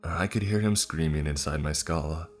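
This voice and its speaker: A man narrating a scripted horror story in a slow, dramatic way. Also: extremely low pitch, soft background music.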